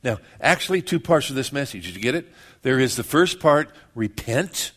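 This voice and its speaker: A man's voice: medium pitch, lively intonation, moderate pace, a bit bright, slightly rough. A man preaching a sermon in a conversational way, asking the congregation questions and joking with them. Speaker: pastor.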